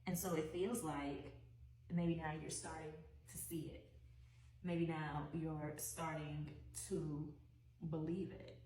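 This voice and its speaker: A woman with a fairly low voice reads tarot cards for her viewers, thinking aloud and repeating phrases as she goes. She stands a little away from the microphone, and the room gives her voice a roomy echo. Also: little pitch movement, takes it slowly, dark tone, distant mic, slight background noise. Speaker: tarot reader. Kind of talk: weekly tarot reading.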